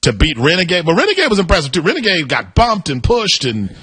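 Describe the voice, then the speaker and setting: A man co-hosts a sports radio show, his voice lively and swinging widely in pitch as he banters playfully. The sound is slightly husky and dry, close to the mic. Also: quick pace, dry recording. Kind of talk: sports talk radio chat.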